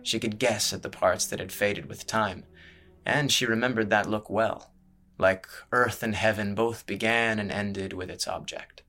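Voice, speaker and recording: A man narrating a fantasy novel in a measured, expressive storytelling voice. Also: fairly low pitch. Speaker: audiobook narrator. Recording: music playing underneath.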